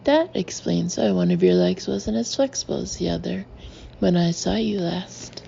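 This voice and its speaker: A man's voice: high-pitched, expressive, normal speed, creaky, warm tone, highs cut off, slight background noise, full character voice. A woman reading the lines of a flirtatious British man, delivered with dry, teasing banter.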